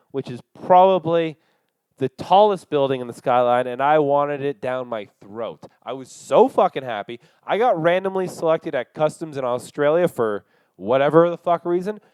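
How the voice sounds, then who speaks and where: Young male podcast host, smooth clear voice, dry close sound, loose swearing storyteller. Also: a little high, a little mellow, no echo, rough recording. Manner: rambling and profane, many fillers. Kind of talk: casual storytelling monologue.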